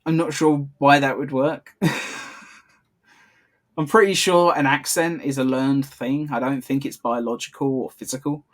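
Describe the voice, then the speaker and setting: A man co-hosting a relaxed episode commentary, talking in a medium-pitched voice. He chats freely, drifts off topic, and laughs often between his points. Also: normal speed. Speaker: podcast co-host. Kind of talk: casual commentary chat.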